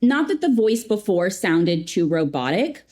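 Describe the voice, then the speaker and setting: A woman in a customer experience role, chatting casually as an interview guest, animated and acting out little quotes. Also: medium pitch, a little slow.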